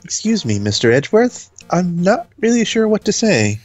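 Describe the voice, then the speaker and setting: A man voicing a gentle young nun, faux-British. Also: high-pitched, big pitch swings, normal speed, soft background music. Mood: earnest. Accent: British, put on. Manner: polite, earnest reading of game text. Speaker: let's play voice actor.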